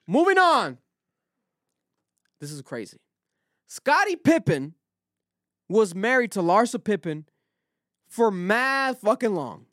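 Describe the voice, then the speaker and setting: A man with a fairly high voice talks through a casual podcast, loose and profane. He is recorded close and dry, with almost no room sound. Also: dry recording. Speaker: podcast host.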